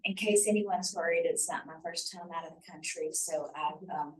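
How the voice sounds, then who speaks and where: A middle-aged woman from Mississippi, telling stories in a chatty, animated way while she leads a study-abroad information session. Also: lowish voice, normal speed, far from the mic, low-quality recording. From Mississippi, USA. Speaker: faculty trip leader.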